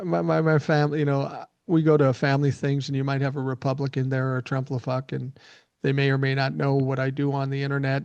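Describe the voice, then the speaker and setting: A man's voice: medium pitch, gravelly, darkish tone, no room sound, lo-fi sound. Blunt, profane man in his sixties. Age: 60s. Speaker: podcast host. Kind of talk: casual podcast chat.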